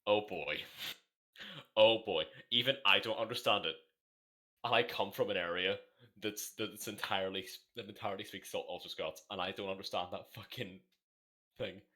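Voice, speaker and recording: A speaker from Northern Ireland in a casual podcast chat, lively and incredulous. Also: low-pitched, normal speed.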